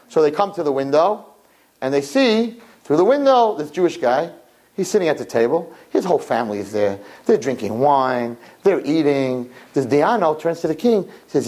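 A man telling religious stories in an animated sermon, often repeating his phrases. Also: on the high side, moderate pace. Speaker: religious storyteller. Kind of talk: sermon storytelling.

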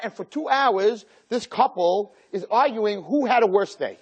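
A rabbi delivering a lecture with a voice that sits a bit above the usual male range. He keeps it lively, acting out everyday dialogues and throwing rhetorical questions at his listeners. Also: high-pitched, a little slow, slightly rough, lo-fi sound. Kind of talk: Torah lecture to a live group.

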